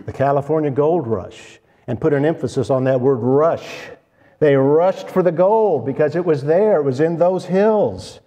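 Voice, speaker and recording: A man preaching a sermon, speaking slowly and deliberately and stressing key words. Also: medium pitch, warm tone, muffled recording.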